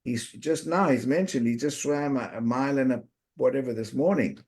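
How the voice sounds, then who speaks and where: A man hosting a coaching conversation, summarizing his guest's story with deliberate emphasis. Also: medium pitch, darkish tone. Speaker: life coach host.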